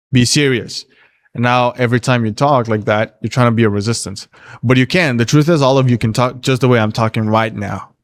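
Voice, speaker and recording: A man's voice: mid-range voice, dry recording. A man coaching on dating during a casual livestream Q&A, reading viewer questions aloud and answering in a blunt, profane, laid-back way.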